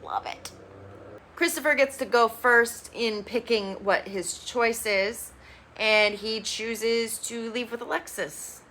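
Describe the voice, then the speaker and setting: A woman recapping a reality show in a casual, blunt and expressive way, swearing freely. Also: fairly high pitch, slow pace, slight background noise. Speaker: TV reviewer.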